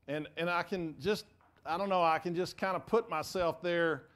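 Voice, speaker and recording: A male pastor preaching a sermon in a church, telling a story in a lively way with frequent repeated words. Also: a little high, moderate pace, a little hiss or hum. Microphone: mic for preaching.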